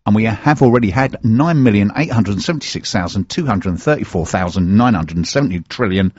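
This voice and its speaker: A man's voice: on the low side, animated, a little fast, a little mellow, husky, dry recording. A middle-aged man hosting a radio show from a studio, chatting casually and teasing in a jokey way. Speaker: radio host. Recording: dull, dry studio sound.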